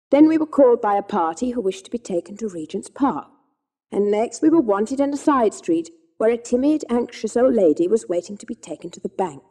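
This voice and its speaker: Mellow, gentle woman reading aloud. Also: mid-range voice. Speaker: audiobook narrator. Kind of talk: scripted storybook narration.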